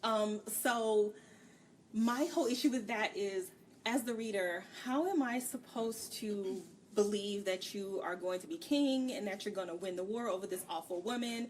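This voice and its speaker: A woman co-hosting a book review show, ranting frankly about a novel in loose, casual chat. Her voice sits at an ordinary middle pitch. It comes from a mic set some way off, with a faint hiss behind it. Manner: candid, ranting, acts out characters' lines in quick bits. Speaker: book review podcast co-host. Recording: distant mic with faint background noise.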